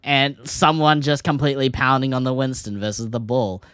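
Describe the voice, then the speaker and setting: An Australian man co-hosts a casual esports podcast, excitable and laughing often, his pitch leaping up whenever something grabs him. He talks fairly quickly and smoothly, with no room sound.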